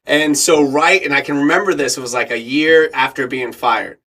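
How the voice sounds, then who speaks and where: This middle-aged man, an actor and radio host, is a podcast guest telling a story at normal speed in a medium-pitched voice. He's an animated storyteller who acts out the voices of the people in it and laughs often.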